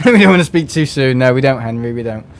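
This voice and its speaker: A man's voice: mid-range voice, animated, fast. A man from England chatting casually and rambling on a live game stream from home, with lots of restarts and fillers.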